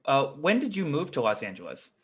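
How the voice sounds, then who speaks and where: A man's voice: mid-range voice, huge pitch swings, a little fast. A man hosting a casual interview, attentive and encouraging with frequent brief affirmations. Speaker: podcast host.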